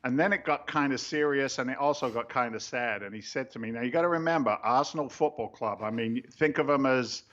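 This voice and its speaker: A man's voice: mid-range voice, a little fast, few pauses, fairly bright tone. A man co-hosting a casual chat show, telling stories with jokes and bits of British slang. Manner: joking storyteller, British slang. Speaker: co-host. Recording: dull, tinny mic.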